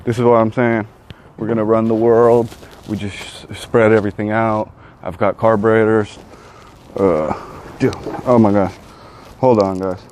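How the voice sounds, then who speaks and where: A man in a casual vlog, talking in a rambling, excitable way and often saying dude. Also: lowish voice, measured pace, slight background noise. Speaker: vlogger.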